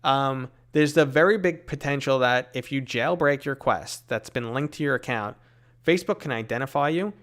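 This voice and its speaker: Here a man from New York City, accent and all, casually works through live chat questions, reading each one aloud before wandering into tangents and lots of filler. His voice is medium-pitched and fairly bright, delivered at a moderate pace.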